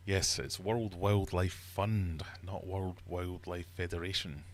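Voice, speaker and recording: Brief: male livestream quizmaster, lowish voice, playful and teasing, fish room. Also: measured pace, hardly any pauses. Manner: playful, teasing, mock-uppity. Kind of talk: live-streamed quiz chat.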